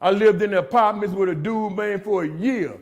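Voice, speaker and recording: High-voiced streetwise man preaching recovery. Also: fairly quick, lo-fi sound. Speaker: recovery speaker. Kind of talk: testimony talk. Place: jail meeting room.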